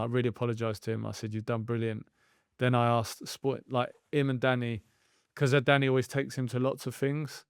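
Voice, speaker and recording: A man's voice: mid-range voice, creaky, no room sound, studio quality. A man chatting candidly and self-deprecatingly on a podcast about coaching kids' football. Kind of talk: casual podcast chat.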